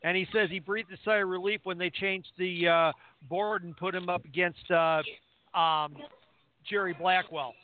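A man co-hosting a radio show, telling a story in a halting way with many fillers, over a phone line. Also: sits high, fairly even intonation, no room sound.

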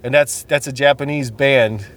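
A man's voice: medium pitch, fairly even intonation, moderate pace, a bit bright, a little hiss or hum. A man hosting a podcast in casual chat, laid-back, swearing freely and laughing often. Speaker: podcast host.

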